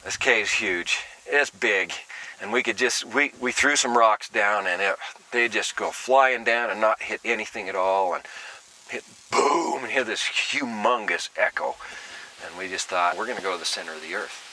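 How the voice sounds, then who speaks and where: A man's voice: lowish voice, normal speed, sharp tone, rough recording. A middle-aged man telling a caving story in a folksy way for a documentary interview, acting out the lines he quotes. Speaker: caver recounting an expedition. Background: music bed.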